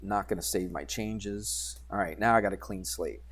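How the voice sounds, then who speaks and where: Male math teacher, easygoing classroom delivery, quizzes the class, mutters while clicking through software. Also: low-pitched, moderate pace. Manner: conversational, asks students questions and answers himself; talks while working drawing software, mutters asides. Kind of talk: classroom geometry lesson.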